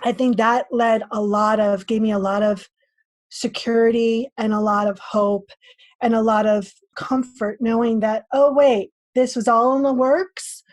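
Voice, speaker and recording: Woman guest, lively storyteller, slightly high pitch, dry booth sound. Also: measured pace, dry recording. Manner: animated storyteller acting out her own inner voice. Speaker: podcast guest. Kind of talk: casual interview talk.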